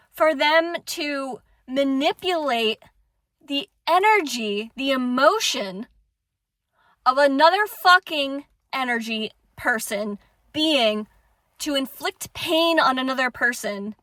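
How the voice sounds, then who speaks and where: A young woman in a heated spiritual monologue, cursing fiercely and then falling quiet and steady. Her voice sits high and bright with a tense edge. She talks slowly, in a dry, close recording with no room around her. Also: no echo. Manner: fierce, swearing, swings between shouting and hushed calm. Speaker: spiritual vlogger. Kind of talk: impassioned personal monologue.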